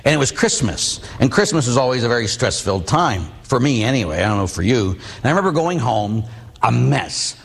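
A man's voice: medium pitch, sing-song, a little fast, vocal fry, slightly rough. A middle-aged man, a Catholic priest, preaching a sermon, telling personal stories and asking the audience questions. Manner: storytelling, rhetorical questions to the audience. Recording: long hall reverb.

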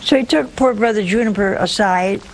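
A woman preaching a sermon, telling a story in a lively, humorous way despite a sore throat. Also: mid-range voice, moderate pace, creaky, slight background noise, rough recording.

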